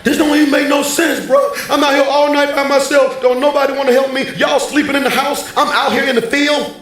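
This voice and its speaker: A man's voice: extremely high pitch, flat delivery, brisk, fairly bright tone, voice pushed up. A man voicing a young shepherd who rants and complains in an exasperated, whiny way. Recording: very echoey hall, faint music.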